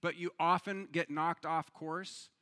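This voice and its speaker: A man's voice: on the high side, a little slow. A man preaching a sermon as pastor, telling a joke story with rising energy and talking conversationally with some stumbles and repeats. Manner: lively storyteller, builds to loud excitement in anecdotes.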